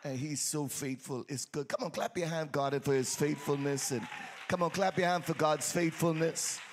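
Speaking at a moderate pace with a voice on the high side, a pastor leads a lively sermon, exuberantly teasing his congregation and calling out to them in sing-song fashion for call-and-response. Slight background noise and faint churchgoers fill the sanctuary.

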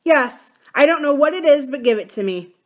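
Bitter grieving man, tense and higher-pitched, read by a woman. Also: expressive, normal speed.

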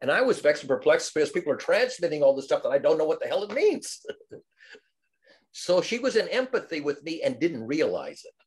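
An older man in a casual group discussion, telling wry stories in a lively, animated way. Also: a little high, fairly quick. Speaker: study group participant.

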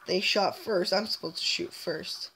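A woman's voice: fairly low pitch, measured pace, vocal fry, background noise. A woman giving casual, playful let's-play commentary as she plays, chatting to herself and taunting enemies in a mock-villain way. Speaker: gameplay commentator.

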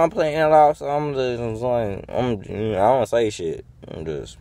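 A man's voice: medium pitch, moderate pace, mellow. A man venting in a rambling, profane monologue to his viewers, full of fillers and restarts. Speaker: vlogger.

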